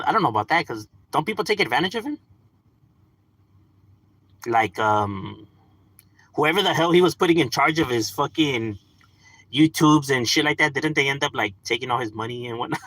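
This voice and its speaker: A man streaming live chats with his viewers in a laid-back, slangy style, often saying "like" and "bro." His voice is medium-pitched with a sharp tone, and the audio is poor but has no echo.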